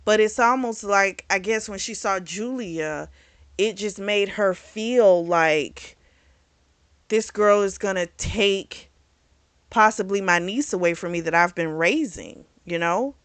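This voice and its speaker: A woman's voice: mid-range voice, takes it slowly, clean tone, no room sound. Chatty woman retelling a novel's plot. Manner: chatty, animated retelling with acted quotes and laughs. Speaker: book reviewer. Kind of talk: casual book review chat.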